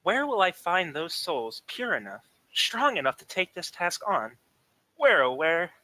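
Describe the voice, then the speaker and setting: A man's voice: sits high, sing-song, measured pace, bright, forceful tone, exaggerated voice. A man voicing a polite, fretful flying hero with a genteel, courteous way of talking. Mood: searching.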